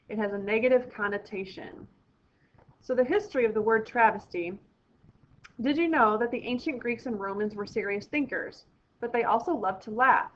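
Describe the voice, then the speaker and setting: Higher-voiced woman teaching a vocabulary lesson. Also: a bit bright, highs cut off, a little hiss or hum. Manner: clear, explaining to students step by step. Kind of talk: recorded classroom vocabulary lesson.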